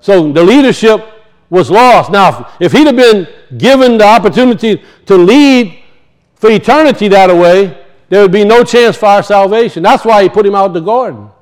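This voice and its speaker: High-voiced man preaching a sermon. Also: lively intonation. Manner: emphatic, slows to teach words, drops low and soft for weight.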